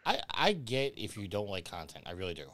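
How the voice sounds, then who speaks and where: A man's voice: fairly low pitch, big pitch swings, a little fast, a bit bright. A man hosting a game stream, rambling casually through gaming talk and chuckling often. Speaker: streamer host.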